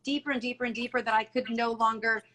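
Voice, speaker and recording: Bright-voiced earnest woman guest. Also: a little high, fairly even intonation, fast talker, rough recording. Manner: earnest and emotional, many restarts and quoted dialogue. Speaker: salon owner guest. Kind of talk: candid interview talk.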